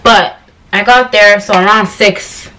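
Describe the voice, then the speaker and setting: A young woman vlogging a casual storytime rant. Her speech is slangy and rambling, full of exasperation as she retells her story. Her voice sits in an ordinary middle pitch. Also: steady tone, a little slow, bright, forceful tone, slight background noise, poor audio.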